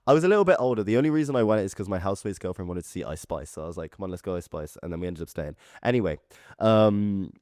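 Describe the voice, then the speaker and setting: A man's voice: low-pitched, lively intonation, a little mellow, dry recording, clean studio sound. A young man in his twenties co-hosting a podcast in easygoing casual chat. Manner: quick, easygoing, lots of fillers and laughs. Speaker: podcast co-host.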